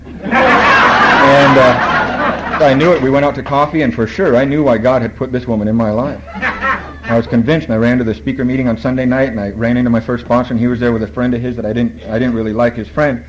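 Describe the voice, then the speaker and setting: A man's voice: medium pitch, fairly even intonation, a little fast, background noise. A man speaking at a recovery meeting, telling his story in a storytelling way, quoting other people and laughing at his own lines.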